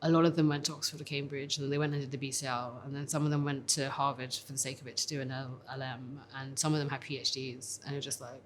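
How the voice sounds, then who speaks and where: Casual, low-voiced young-sounding woman barrister. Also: slight background noise. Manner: casual, animated, many fillers. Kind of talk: documentary interview.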